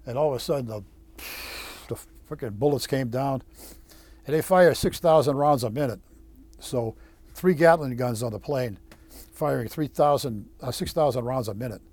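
A man, a former Marine, telling his war story in an interview, halting with many restarts and blunt swearing. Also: medium pitch, darkish tone, dry recording. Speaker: veteran interviewee. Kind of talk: oral history storytelling.

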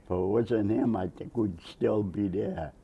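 An older man, a Navy veteran, telling an oral history story with animated quoted voices. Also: lowish voice, a little slow, vocal fry, slightly rough.

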